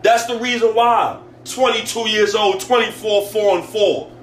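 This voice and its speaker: A man's voice: high-pitched, steady tone, unhurried, reverberant, slight background noise. A man hosting a sports podcast, ranting in a heated, exasperated way with casual slang and lots of repetition. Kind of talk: emotional sports rant.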